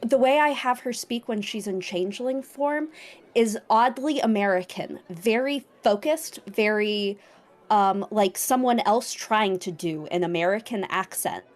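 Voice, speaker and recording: A woman's voice: medium pitch, unhurried. A woman playing in a tabletop role-playing game, carefully explaining her character to the table. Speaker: player. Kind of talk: casual chat at a tabletop game.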